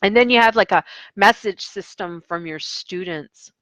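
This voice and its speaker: A woman's voice: medium pitch, moderate pace, a bit bright, dry recording, dull audio. A young adult woman, an online English teacher, chatting casually about her classes and acting out her students in quotes. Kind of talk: casual vlog storytelling.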